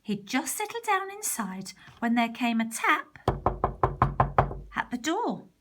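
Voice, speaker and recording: A woman narrating a storybook in a soft, partly whispered voice. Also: sits high, sing-song, takes it slowly, background noise. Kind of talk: storybook reading.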